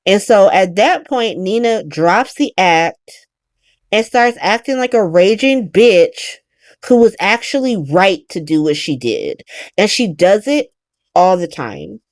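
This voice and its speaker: A woman's voice: mid-range voice, takes it slowly, dry recording. Woman, casual soap recap, blunt and profane, dry close recording. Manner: blunt, profane and animated, acting out characters' lines. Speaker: podcast host recapping a soap opera.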